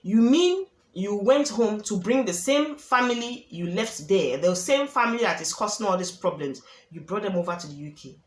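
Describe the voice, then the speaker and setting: A woman voicing an outraged, betrayed wife who fires off shouted, disbelieving questions. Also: medium pitch, lively intonation, moderate pace, hardly any pauses, lightly acted. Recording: echoey room.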